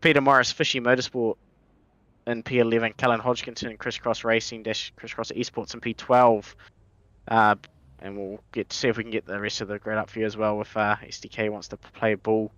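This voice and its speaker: A man commentating a sim race live, chatty and quick with frequent restarts, his voice going hoarse. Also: lowish voice, level tone, a bit bright, no echo, lo-fi sound. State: losing his voice. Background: race car engine noise.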